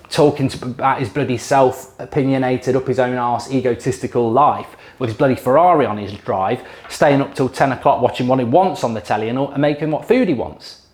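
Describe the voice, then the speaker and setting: A man's voice: mid-range voice, normal speed, darkish tone. Bloke ranting in his kitchen, filming himself cooking, annoyed and sweary, middle-aged, mid-range voice. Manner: exasperated, swears mildly, mocks others in impressions. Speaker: YouTube host cooking on camera. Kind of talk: casual ranting storytelling while cooking. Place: home kitchen. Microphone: handheld camera.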